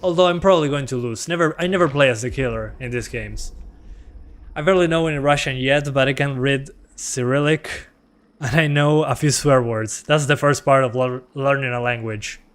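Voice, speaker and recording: Relaxed gamer chatting with his stream. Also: medium pitch, moderate pace. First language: Spanish. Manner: relaxed, rambling, self-deprecating, talks to chat. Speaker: game streamer. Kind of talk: casual gameplay chat.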